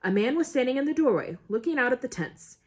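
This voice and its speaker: A woman reads a novel aloud with plenty of expression and the odd small stumble. Her voice is breathy and husky. Her pitch rises and falls a lot. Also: lively intonation, quick pace. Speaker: audiobook reader.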